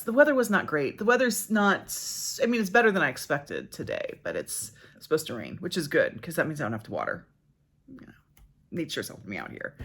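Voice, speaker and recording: A woman's voice: medium pitch, fairly bright tone. A middle-aged woman chatting casually in a book vlog, rambling and interrupting herself, laughing at her own stories. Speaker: book vlogger. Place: backyard outdoors.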